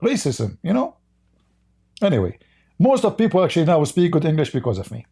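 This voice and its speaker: A man's voice: fairly high pitch, wildly swooping pitch, a little fast, gravelly, dark tone, breathy edge. An aged man from the East, hosting a livestream in a sarcastic, mocking way. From Middle East. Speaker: livestream debate host. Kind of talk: casual livestream commentary.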